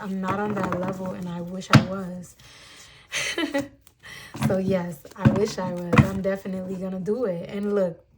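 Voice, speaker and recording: A woman's voice: mid-range voice, heavy background noise. A young woman giving a channeled tarot reading to her viewers, speaking earnestly and emphatically and drawing out her words. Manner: earnest, emphatic, drawn-out spiritual talk; addresses viewers as "guys". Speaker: tarot reader.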